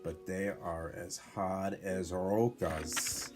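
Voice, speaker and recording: A man's voice: deep voice, fairly even intonation, very slow, music in the background. A man voicing a gang of friendly little Chihuahuas in a raised, chummy voice.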